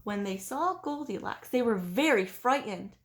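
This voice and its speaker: Expressive woman teacher reading a story. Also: on the high side, moderate pace, reverberant. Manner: expressive, sing-song storytelling. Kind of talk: children's story read-aloud.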